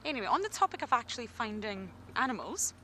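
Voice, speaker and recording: A woman's voice: on the high side, big pitch swings, quick pace, bright, forceful tone, a little hiss or hum. A Scottish woman from Scotland, a safari guide giving chatty, good-humoured live game drive commentary. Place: outdoors in an open game vehicle.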